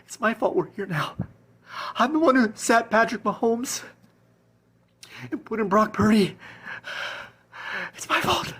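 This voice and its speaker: A woman's voice: a little high, animated, measured pace, long pauses, a bit bright, husky, heavily acted. A woman playing a panicked, guilt-ridden fantasy football manager in a comedy sketch, whispering breathlessly and swinging between terror and relief. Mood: guilty whisper.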